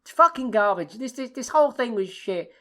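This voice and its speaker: A UK woman co-hosting a wrestling podcast rants in casual chat, swearing a lot and sounding exasperated. Her voice is expressive, fairly quick, pushed and bright, with swinging pitch.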